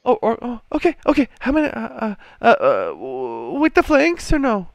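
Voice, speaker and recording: A man's voice: very high voice, wildly swooping pitch, normal speed, gravelly, no room sound, pitched above the performer's own voice, exaggerated voice. A man voicing a frantic, over-apologetic young barmaid in a tabletop game. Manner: flustered, over-apologetic, squealing.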